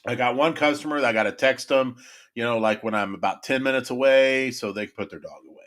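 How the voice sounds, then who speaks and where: A man's voice: mid-range voice, fast, a bit bright. Man, podcast co-host, meandering anecdote style, filler-heavy, easygoing. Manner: rambling, lots of fillers and laughs. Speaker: podcast co-host, pest control tech. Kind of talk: casual podcast storytelling.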